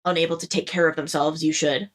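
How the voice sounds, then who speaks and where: A woman's voice: low-pitched, steady tone, fast talker, lightly acted. A woman voicing a stern police officer father who lectures his son.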